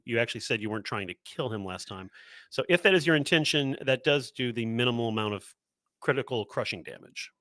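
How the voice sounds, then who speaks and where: A man serves as game master for a tabletop role-playing game and narrates the action. His voice sits in a middle pitch, and his delivery is casual and hesitant, full of small restarts. The recording is dry and close, with no room sound. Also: dry recording. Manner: relaxed, hesitant, thinks aloud.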